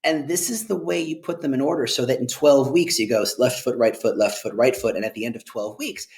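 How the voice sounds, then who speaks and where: A middle-aged man, a guest on an interview, talking in an animated, joking way and often tagging lines with "right?". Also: medium pitch, brisk, gravelly. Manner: animated, jokey, emphatic with rhetorical "right?". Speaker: guest, employer branding expert. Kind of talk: conversational interview.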